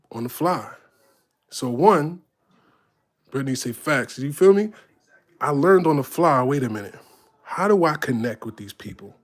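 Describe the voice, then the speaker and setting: A man telling casual stories from his tour, animated and profane, acting out voices as he goes. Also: medium pitch. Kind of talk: casual storytelling.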